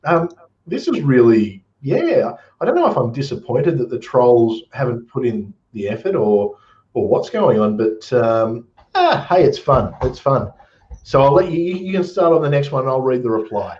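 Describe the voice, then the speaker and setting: An Australian man hosts a casual chat, reading comments aloud in a rambling, good-humored way. His mid-range voice is darkish in tone, with big pitch swings at a moderate pace. The recording is roomy, dull and lo-fi.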